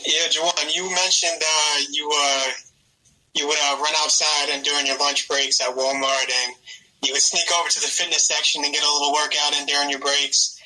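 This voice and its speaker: A man's voice: a little high, level tone, normal speed, bright, forceful tone, poor audio. A man co-hosting a radio show, asking a long question with many hesitations. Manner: hesitant, filler-heavy questioning. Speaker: radio co-host. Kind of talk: interview questions.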